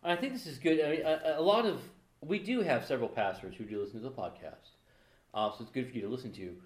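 A man's voice: medium pitch, animated, fast talker, roomy sound. A man co-hosting a podcast, chatting casually and joking, with many restarts. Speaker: podcast co-host. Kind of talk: casual chat.

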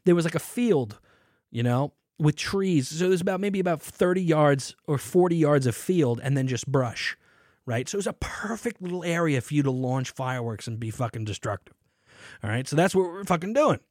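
A man hosts a casual chat show, spinning a story with constant swearing and lively energy. His voice sits a bit higher than most men's, and the recording is dry and close with no room sound. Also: normal speed, no room sound. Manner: profane, animated storyteller. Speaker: podcast host. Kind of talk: casual storytelling and beer talk.

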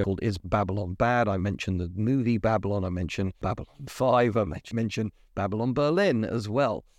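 A man's voice: mid-range voice, darkish tone, dry recording, studio quality. A man hosting a podcast, giving a chatty, opinionated spoken review full of rhetorical questions. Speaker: podcast host reviewing a series.

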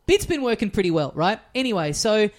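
A man's voice: sits high, big pitch swings, fairly quick. A man with an Australian accent, co-hosting a comedy podcast and telling a long self-mocking anecdote full of "like" fillers. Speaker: podcast co-host. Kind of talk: casual comedic storytelling.

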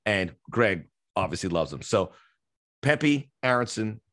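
Brief: male podcast host, lowish voice, chatty and quick to laugh, dry close sound. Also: sing-song, a bit bright, dry recording. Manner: talkative, laughs often, quick asides. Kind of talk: casual soccer podcast chat.

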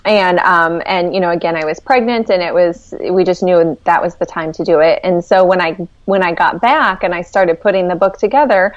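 A woman's voice: fairly low pitch, moderate pace, few pauses, dry recording, dull audio. A woman author answering interview questions, often hesitating and repeating a word as she starts a thought. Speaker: author guest.

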